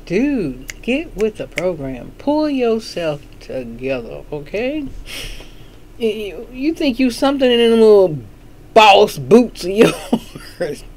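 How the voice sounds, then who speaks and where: A woman hosting a casual book chat, talking in a chatty, sassy way and laughing often. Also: fairly low pitch. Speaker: host of a book chat show.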